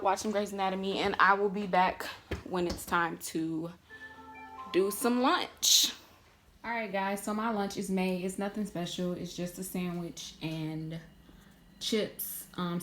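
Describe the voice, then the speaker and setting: A woman in her twenties chatting casually to her viewers in a vlog, relaxed and candid, with lots of "like" and "um" fillers. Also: medium pitch, a little hiss or hum. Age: 20s. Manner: warm and candid, talking straight to viewers. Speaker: vlogger.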